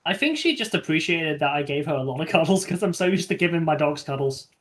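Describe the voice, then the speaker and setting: A man's voice: fairly high pitch, expressive, fast. A man chatting casually as a guest on a game stream, telling stories with many fillers. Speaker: guest co-player. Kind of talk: casual chat while gaming.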